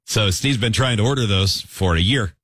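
A man's voice: lowish voice, normal speed, fairly bright tone, dry recording. A man co-hosting a morning radio show, telling stories with dry, sarcastic humor. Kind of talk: casual morning show banter.

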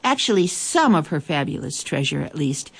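Woman, children's story narrator, slightly low voice, lively and expressive with playful asides. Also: moderate pace, creaky, slightly rough.

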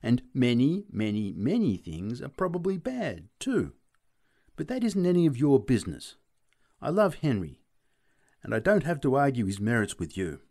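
A man's voice: on the high side, huge pitch swings, normal speed, darkish tone, pitched above the performer's own voice. A man reading an audiobook and voicing a proper, flustered young woman who argues emphatically. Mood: indignant.

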